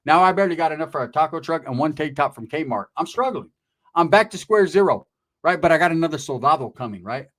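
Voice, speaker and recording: A male comedian telling a story at a breakneck clip, his voice swooping all over in a fairly high register. He is profane and animated, tagging his lines with a questioning "right?". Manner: animated, rapid, profane, keeps asking "right?".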